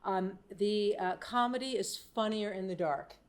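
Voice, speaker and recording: A woman's voice: mid-range voice, a little slow. An American woman who was a stand-up comic, chatting as a guest with self-deprecating jokes. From United States. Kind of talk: casual chat.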